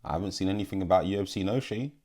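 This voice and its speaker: Low-pitched man, casual fight vlogger, blunt and profane, restarts often. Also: very fast, darkish tone. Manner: blunt, profane, repeats himself. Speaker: MMA YouTuber. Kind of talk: casual fight prediction vlog.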